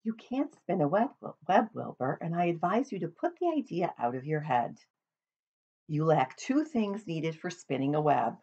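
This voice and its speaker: A woman voicing a calm, patient female spider in a storybook reading. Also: low-pitched, normal speed, breathy edge, dull audio, exaggerated voice. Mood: firm. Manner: calm, patient, gently instructive.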